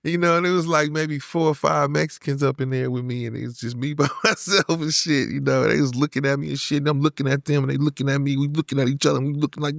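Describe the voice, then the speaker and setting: A man's voice: a little high, steady tone, quick pace, gravelly, no room sound, clean studio sound. A man in his fifties from Oakland with a Bay Area accent, telling stories in a laid-back way, full of "you know what I'm saying" and acted-out voices. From Oakland, California. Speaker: guest rapper. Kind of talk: casual storytelling.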